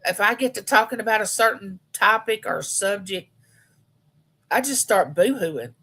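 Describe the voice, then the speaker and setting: A woman's voice: mid-range voice, expressive, moderate pace, a bit bright, slightly rough. A woman, chatting homily and directly with viewers on a casual live stream. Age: 50s. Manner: chatty, homey, talks straight to her viewers.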